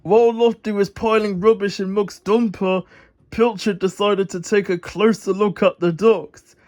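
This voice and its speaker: A man reading a children's storybook aloud in an unhurried way, stumbling over a word now and then. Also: sits high, fairly even intonation, darkish tone. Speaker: storybook reader.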